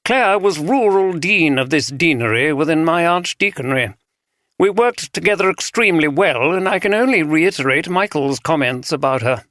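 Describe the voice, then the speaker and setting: A man's voice: a little high, animated, normal speed, fairly bright tone, no room sound, clean studio sound, pitched above the performer's own voice. A man voicing a cold, very precise male archdeacon with a refined RP accent. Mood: cool. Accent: RP English.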